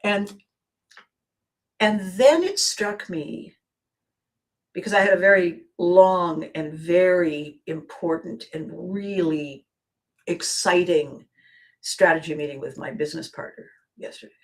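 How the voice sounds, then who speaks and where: A woman's voice: fairly low pitch, takes it slowly, long pauses. A woman hosting a live motivational video. She talks earnestly, often repeats a word as she restarts a sentence, and greets viewers by name.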